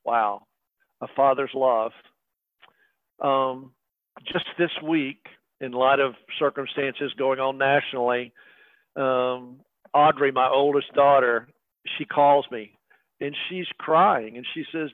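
A man's voice: medium pitch, takes it slowly, long pauses, dry recording. A middle-aged man preaching a sermon in a conversational way, with many fillers and direct asides to the congregation. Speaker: pastor. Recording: tinny phone-like radio broadcast.

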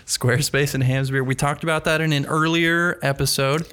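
Man, podcast co-host, vocal fry, rambling, sarcastic, casual banter. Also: fairly high pitch, steady tone, moderate pace, fairly bright tone. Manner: rambling, self-mocking sarcasm. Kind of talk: casual chat.

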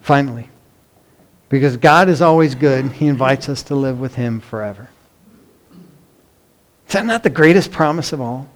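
A man's voice: medium pitch, moderate pace, pauses often. A middle-aged man preaching a sermon in an earnest, emphatic way, often asking the congregation rhetorical questions. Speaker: pastor.

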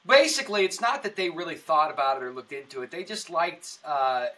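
A man's voice: a little high, animated, brisk, bright, forceful tone, recorded from a distance. A man guest speaking in a casual interview, earnest and rambling, with a preacher-like way of explaining things. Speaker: comedian and actor, podcast guest.

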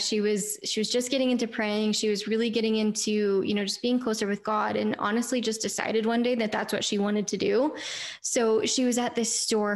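A woman in her thirties hosting a faith podcast, telling personal stories in an earnest, chatty way and talking straight to her listeners. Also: mid-range voice. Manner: earnest, chatty, addresses listeners as "you guys". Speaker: podcast host.

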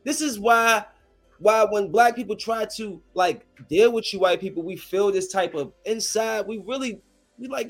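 A high-pitched man in his thirties rants straight at his viewers, heated and confrontational, swearing freely. His voice sits well above the usual male range. Soft music plays faintly underneath. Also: normal speed. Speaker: streamer addressing his viewers. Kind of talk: angry rant to camera.

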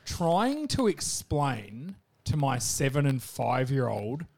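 A man's voice: medium pitch, very animated, slow pace, creaky, a little mellow. A man, co-hosting a casual podcast and joking through stories about his kids. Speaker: podcast co-host. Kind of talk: casual chat.

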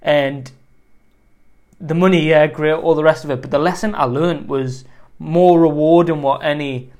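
A man's voice: fairly high pitch, fairly even intonation, measured pace, a little mellow. A man who runs a lawn care business, telling a rambling story as advice, full of "you know" asides. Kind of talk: casual storytelling advice talk.

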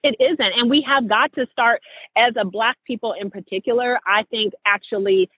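Animated woman host, tinny sound. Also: a little high, normal speed, breathy edge, no room sound. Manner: animated, preachy storytelling. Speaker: podcast host. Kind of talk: casual chat.

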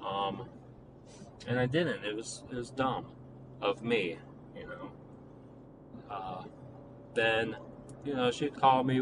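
A man's voice: mid-range voice, noisy background. A young man casually retelling a personal story, rambling with lots of fillers and criticizing himself.

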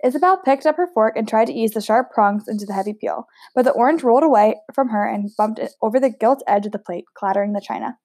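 A woman's voice: on the high side, quick pace, few pauses, a little mellow, no room sound, clean studio sound. A woman reading a novel aloud in a casual way, stumbling over words now and then and chatting between passages. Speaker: audiobook reader.

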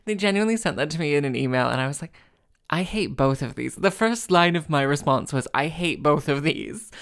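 Rambling woman with vocal fry. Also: very deep voice. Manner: rambling, self-interrupting, full of fillers and restarts; wry, acts out other people's lines. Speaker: harpist. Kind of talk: casual storytelling to camera.

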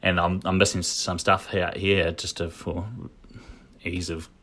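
A man with a low, deep voice talks through his thoughts in a casual commentary. He often restarts his sentences and wanders into asides as he goes. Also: flat delivery, unhurried, fairly bright tone. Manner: thinking aloud, frequent restarts and asides. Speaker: commentator recapping a shareholder meeting.

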